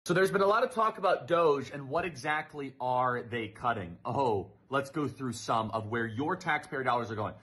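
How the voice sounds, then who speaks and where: A man delivering political commentary, reading out a list in a steady, punchy way. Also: medium pitch, normal speed, few pauses, slightly rough.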